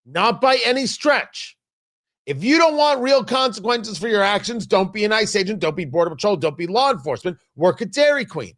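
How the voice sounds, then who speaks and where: A man's voice: sits high, lively intonation, fairly quick, a bit bright. A male talk show host, delivering a combative opinion monologue and hammering his points with repetition. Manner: emphatic, combative, repeating lines for stress.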